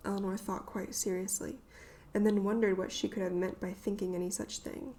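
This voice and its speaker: A woman reading an audiobook aloud in a measured, hushed, suspenseful manner. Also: mid-range voice, little pitch movement. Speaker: audiobook narrator. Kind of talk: scripted audiobook narration.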